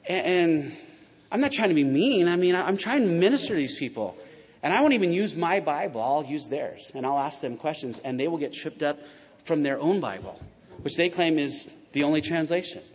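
A man's voice: on the high side, brisk. A pastor delivering a conversational sermon and acting out the quotes he tells, recorded in a church sanctuary. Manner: conversational and animated, acts out quotes. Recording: muffled sound with long reverb in a large hall.

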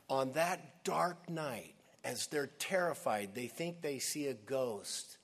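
A man preaching a sermon from the pulpit. He speaks slowly and deliberately, with long dramatic pauses. His voice is mid-pitched, and he sinks to a hush on key words. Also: expressive. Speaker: pastor.

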